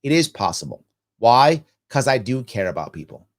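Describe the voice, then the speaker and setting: A man hosting a live ask-me-anything show, talking in a preachy, animated way, asking himself rhetorical questions and acting out both sides of imagined conversations. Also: mid-range voice, moderate pace. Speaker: livestream show host.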